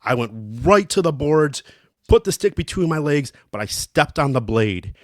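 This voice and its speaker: A man's voice: a little high, sing-song, normal speed, dry recording, clean studio sound. A middle-aged man co-hosting a podcast, telling a story in a rambling, casual way with many ums and restarts. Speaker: podcast co-host. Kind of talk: casual chat.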